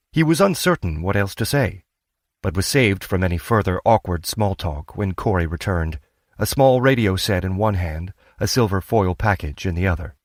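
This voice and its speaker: A man reading an audiobook as narrator, steady and measured. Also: deep voice, no room sound, clean studio sound. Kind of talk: scripted narration.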